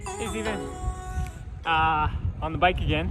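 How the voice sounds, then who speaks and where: Chill american dude vlogging, kinda high voice, lots of "like" and "man". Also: normal speed, pauses often, heavy background noise. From California. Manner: laid-back, rambling, says "like" and "man" a lot. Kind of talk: casual vlog chat.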